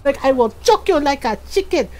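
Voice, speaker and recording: A woman voicing a fierce, protective middle-aged Filipino mother with a Filipino accent who shouts threats in broken English. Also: high voice, expressive, a little fast. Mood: furious.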